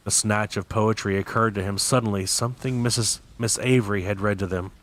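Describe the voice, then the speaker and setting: A man reading a novel aloud as host of his channel, in a steady, deliberate way with occasional slips. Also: lowish voice. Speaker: audiobook reader.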